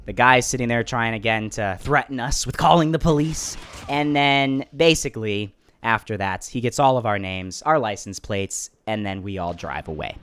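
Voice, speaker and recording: A man narrating a storytime vlog in an excitable, animated way, making fun of himself. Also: medium pitch, normal speed, clear, resonant tone. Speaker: YouTuber.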